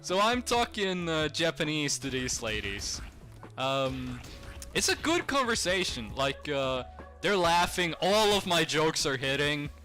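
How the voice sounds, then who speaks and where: A young man streamer telling a rambling, animated story to his chat, laughing often. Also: on the high side, a little slow, soft background music. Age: young adult.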